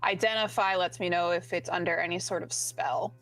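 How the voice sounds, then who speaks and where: A woman's voice: lowish voice, steady tone, a little fast, fairly bright tone, faint music behind. A woman playing a tabletop game, explaining spell rules in a matter-of-fact way and speaking for her character. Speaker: player.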